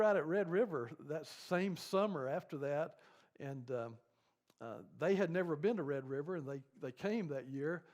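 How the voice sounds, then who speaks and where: A man's voice: fairly high pitch, expressive, moderate pace, a little mellow. An older man leading a church grief seminar, telling rambling, folksy stories full of fillers.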